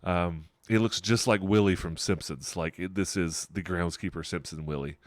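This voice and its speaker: Chuckling middle-aged game master, low voice. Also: male voice, fairly even intonation, normal speed, no room sound, clean studio sound. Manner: rambling, digressive scene description with frequent chuckles. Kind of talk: narrating a tabletop game.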